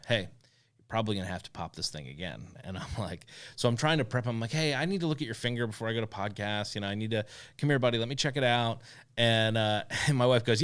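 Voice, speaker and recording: A man co-hosting a talk show, his voice sitting low and his talk loose, full of "you know" and "um" and restarts. He sounds like a father in his thirties, easygoing and chatty in a studio. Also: a bit bright. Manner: rambling, lots of fillers and restarts. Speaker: co-host. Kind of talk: casual talk show chat. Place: radio studio.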